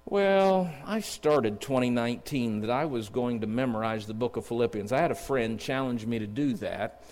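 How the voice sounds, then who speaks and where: A middle-aged man preaching a sermon in a church, earnest and storytelling, slowing down to read scripture. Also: mid-range voice, a little mellow. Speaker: district superintendent preaching. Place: church sanctuary. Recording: long church reverb.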